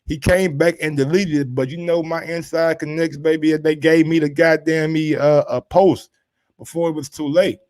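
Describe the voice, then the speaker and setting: A man with a somewhat high-pitched voice hosts casual boxing commentary. He talks in loose slang and reacts to social posts with drawn-out exclamations, keeping an animated, quick-reacting manner.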